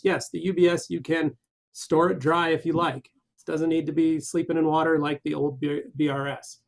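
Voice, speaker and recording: A man with a slightly high, gravelly voice reads viewer questions aloud on a live stream. He answers each one in loose, rambling chat. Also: fairly even intonation, moderate pace. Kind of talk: casual live Q&A, reading comments aloud.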